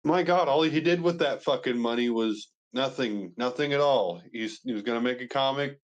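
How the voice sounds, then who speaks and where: A man's voice: mid-range voice, normal speed, lo-fi sound. A young man and father talking casually as a podcast guest, brash and boastful, swearing freely. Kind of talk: casual chat.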